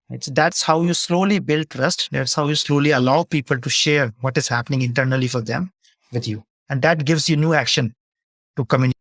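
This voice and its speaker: A man's voice: on the high side, a little fast, fairly bright tone, no echo, studio quality. A man speaking as a leadership coach, answering audience questions in a webinar and explaining his points through example dialogues.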